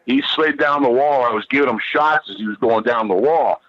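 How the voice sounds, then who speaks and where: A man's voice: medium pitch, brisk. A man guest telling a long story in a profane, rambling, emphatic way. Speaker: podcast guest. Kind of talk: animated storytelling. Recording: dull lo-fi dry sound.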